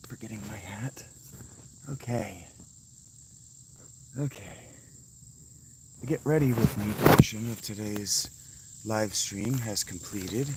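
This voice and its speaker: A man's voice: fairly low pitch, slow, long pauses, very noisy. A man chatting casually on a live stream at an outdoor campsite, rambling, swearing freely and greeting chat viewers.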